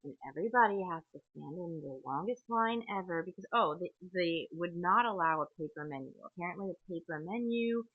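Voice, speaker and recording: Casting: low-pitched woman, chatty and tangential solo podcaster, phone-quality sound. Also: expressive, a little fast, few pauses, no room sound. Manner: tangential, chatty, frequent "okay?" and fillers. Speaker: podcast host. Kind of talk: rambling solo podcast monologue. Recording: tinny, phone-like dry audio.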